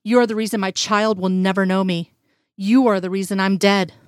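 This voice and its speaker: A woman's voice: mid-range voice, fairly even intonation, brisk, no echo, clean studio sound, close to an everyday voice. A woman reading a dead man's bitter accusing ghost. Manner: harsh, relentless accusation.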